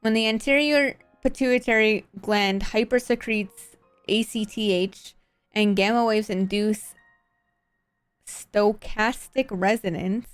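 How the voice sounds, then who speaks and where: Woman reading as a stammering tsundere scientist girl, defensive, jargon-heavy, mid-pitched, dry close sound. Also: smooth, no room sound, close to an everyday voice.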